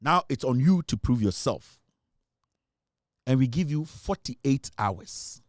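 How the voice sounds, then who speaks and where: Forceful Ghanaian host making demands. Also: male voice, mid-range voice, lively intonation, slow, pauses often, no echo, studio quality. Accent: Ghanaian English. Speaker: talk show host. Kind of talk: political call-in show commentary.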